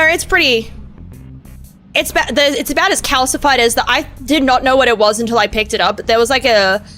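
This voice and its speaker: A woman's voice: fairly high pitch, sharp tone. A young adult woman streaming a game, chatting casually in a rambling, profane, self-mocking way. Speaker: VTuber streamer. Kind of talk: casual gameplay stream chat.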